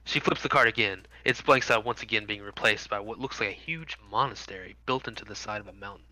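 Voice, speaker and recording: Man game master narrating a tabletop game, bright, sharp tone, dry sound, descriptive with fillers. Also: fairly low pitch, fast talker, hardly any pauses, no echo, low-quality recording. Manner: vivid description with frequent fillers. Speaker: dungeon master.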